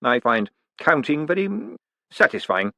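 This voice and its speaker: A man's voice: mid-range voice, sing-song, moderate pace, bright, forceful tone, dry recording. A man voicing a prim, precise male bank clerk who speaks stiffly and formally.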